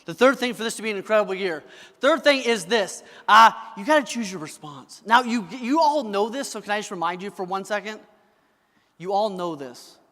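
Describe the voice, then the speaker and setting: A high-voiced man delivers a motivational keynote in a big hall, his speech ringing with long reverb. He is bright and forceful, punching each point and pressing the audience to answer him back. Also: lively intonation, a little fast. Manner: emphatic, asks the crowd for answers. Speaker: motivational speaker. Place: large event hall.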